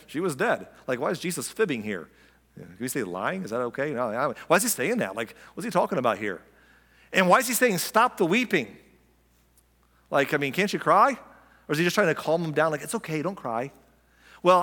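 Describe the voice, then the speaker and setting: A pastor with a slightly high, somewhat bright voice preaches a conversational sermon, with a long reverb tail trailing his words. He asks his listeners questions and acts out quotes.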